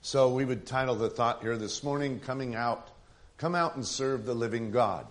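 A male pastor with a middle-pitched voice prays slowly, then preaches with rising force. He halts often on fillers and keeps clearing an irritated throat. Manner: halting, many uh fillers, rises louder when preaching. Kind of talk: prayer and sermon.

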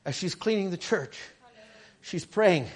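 A middle-aged male preacher giving a sermon, often stammering over his starts and building up to shouted lines. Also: sits high, expressive, measured pace. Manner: stammering restarts, rising to shouts.

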